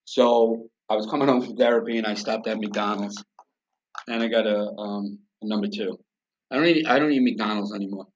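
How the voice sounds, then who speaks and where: A man's voice: fairly low pitch, fairly even intonation, moderate pace, a little hiss or hum. A middle-aged man from the United States, a podcast guest telling a personal story in a blunt, profane, emotional way. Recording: dull lo-fi sound.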